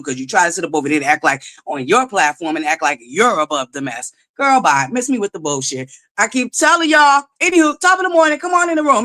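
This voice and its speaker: A woman hosting a casual live stream, greeting her viewers in a sing-song way and talking sassy with plenty of swearing. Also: medium pitch. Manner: sassy, animated, calls out rivals with profanity. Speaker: livestream host.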